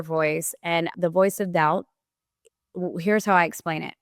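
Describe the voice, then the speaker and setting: A woman talking as a podcast guest, explaining her coaching ideas in an energetic, motivational way. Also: lowish voice, unhurried, no room sound, studio quality. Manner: energetic, coaching tone with vivid examples. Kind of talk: motivational interview talk.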